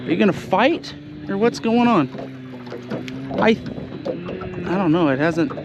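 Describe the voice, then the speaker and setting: A man giving excited, laughing commentary while fishing on a lake, talking to his viewers. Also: high-pitched, slow, over loud music. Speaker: fishing vlogger. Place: outdoors on a boat on a lake. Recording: noisy outdoor boat recording.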